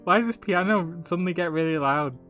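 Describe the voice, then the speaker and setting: A man streaming a visual novel live, joking and laughing often, with quick asides. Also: high voice, fairly bright tone, soft background music. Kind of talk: casual live game commentary.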